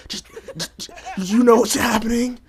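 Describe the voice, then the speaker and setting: A woman doing an impression of a calm, laid-back man who soothes a friend in a slow drawl. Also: very high voice. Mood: soothing.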